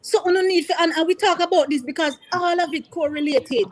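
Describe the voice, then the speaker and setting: A teacher with a Jamaican accent, a woman with a very high voice, talks fairly quickly and earnestly to parents in an impassioned way. Emphatic and repetitive, she weaves patois into her words. The recording quality is low.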